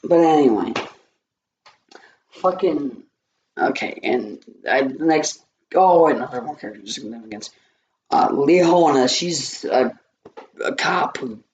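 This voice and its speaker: A man's voice: mid-range voice, lo-fi sound. A man with a scratchy voice giving a rambling, easily distracted movie review, swearing often. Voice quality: scratchy, gravelly voice.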